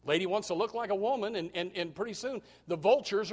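A male pastor preaching with passion, swinging from low murmurs to near shouts. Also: a little fast. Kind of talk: sermon.

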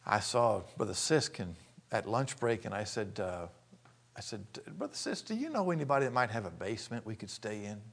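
A man preaching a sermon, telling a personal story, dropping to hushed asides and rising to shouted praise. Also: mid-range voice, gravelly, breathy edge.

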